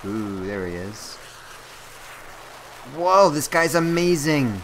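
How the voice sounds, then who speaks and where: A man calls out a game as he plays, his pitch leaping up and down as he exclaims. He talks at an unhurried pace between outbursts, with keyboard typing faintly behind him. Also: noisy background. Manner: excitable, exclaiming and laughing at the action. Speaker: gameplay commentator. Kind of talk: casual gameplay commentary.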